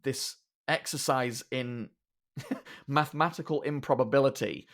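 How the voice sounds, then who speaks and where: A man co-hosting a podcast, telling game stories in a relaxed, chatty way. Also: mid-range voice, unhurried. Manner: storytelling, laughs at mishaps. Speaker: podcast co-host. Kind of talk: casual podcast chat.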